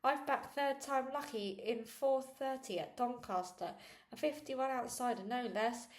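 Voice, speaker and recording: A cheerful middle-aged chip-van owner, put on by a woman reading a storybook, chummy and fond of calling people sweetheart. The voice sits fairly high, and the room gives it a noticeable echo. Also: a little slow, lightly acted. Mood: jovial. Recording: echoey room.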